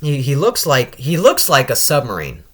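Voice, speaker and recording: A man's voice: medium pitch, huge pitch swings, moderate pace, fairly bright tone. A young man giving casual tier-list commentary on his own channel. He stammers and restarts his sentences often. He keeps tacking on a questioning "all right?" as he goes. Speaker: channel host ranking video game characters.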